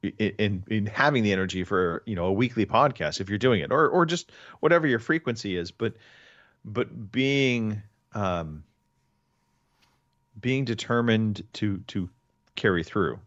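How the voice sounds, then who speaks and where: Man, low voice, podcast host, casual rambling chat, dry, muffled sound. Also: lively intonation, measured pace, fairly bright tone, no room sound. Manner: rambling, restarts often.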